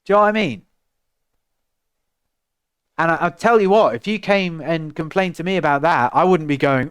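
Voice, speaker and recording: Young english guy ranting on his stream, smooth clear voice, bit higher, dry close mic. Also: moderate pace, dry recording. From England. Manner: exasperated, animated ranting with rhetorical questions. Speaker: musician livestreaming on Twitch. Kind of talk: casual rant to stream chat.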